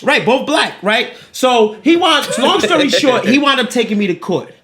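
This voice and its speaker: Man, very high pitch, sharp bright tone; animated, profane podcast host spinning a story. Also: normal speed. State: winded. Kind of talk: casual storytelling chat.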